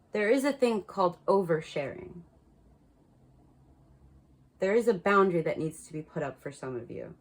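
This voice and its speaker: Frank, chatty woman reading oracle cards. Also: on the low side. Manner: frank and chatty, laughs at herself. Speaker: tarot card reader. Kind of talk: casual spiritual card reading.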